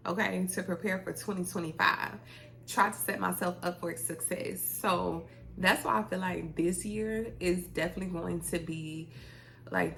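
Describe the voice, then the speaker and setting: A woman's voice: mid-range voice, creaky, pushed and bright, slight background noise. A woman, a beauty vlogger chatting to her viewers in a talkative, heartfelt way. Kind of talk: casual chat to camera.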